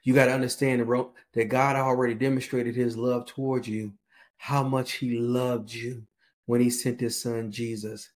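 A man's voice: mid-range voice, level tone, normal speed, a little mellow. A man who is a pastor, preaching a sermon with storytelling, repeated phrases and informal, folksy wording.

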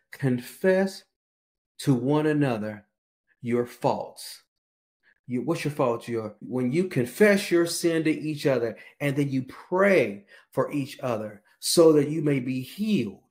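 A man's voice: medium pitch, lively intonation, normal speed, few pauses, a little mellow. A man who is a pastor, preaching a sermon with storytelling, repeated phrases and informal, folksy wording.

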